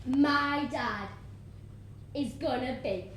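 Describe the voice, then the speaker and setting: A young actress playing an excited local child who boasts chattily about her father. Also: high-pitched, extremely slow, heavy reverb, slight background noise, heavily acted. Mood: chatty. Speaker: youth theatre actor. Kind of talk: stage play acting.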